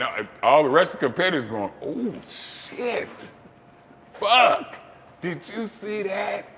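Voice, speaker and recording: A man hosting, telling a story casually, swearing freely and breaking into loud, animated outbursts. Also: medium pitch, in a large hall, a little hiss or hum. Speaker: host.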